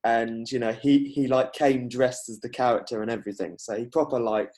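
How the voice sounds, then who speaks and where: A man in a mid-range voice hosts a casual podcast. He chats freely, agrees quickly and tells anecdotes peppered with "like.". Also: mid-range voice, fairly even intonation, a little mellow. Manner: chatty storyteller, full of "like" and quick agreement. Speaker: podcast host.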